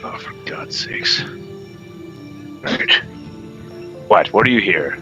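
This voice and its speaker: Sardonic chain-smoking adventurer, played by a man; very low, bright, lively delivery. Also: slow, highs cut off, faint music behind, heavily acted. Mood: annoyed. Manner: dry, dismissive sarcasm. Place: home, online voice chat.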